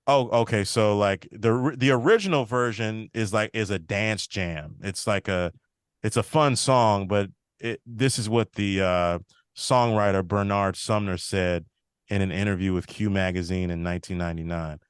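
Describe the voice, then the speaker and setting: A man's voice: lowish voice, moderate pace, clear, resonant tone, dry recording. A man hosting a podcast, casually recapping a TV episode and quoting the characters' lines as he goes. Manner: retells scenes, quoting characters in a slightly shifted voice. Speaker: podcast host.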